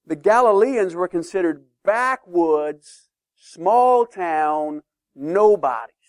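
A man teaching a sermon-style Bible lesson to a class, emphatic and lively, often checking in with questions. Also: high-pitched, slow, no room sound, clean studio sound.

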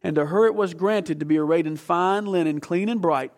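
A man preaching a sermon, emphatic, asking the congregation questions and swinging between loud bursts and quiet stretches. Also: high voice, brisk.

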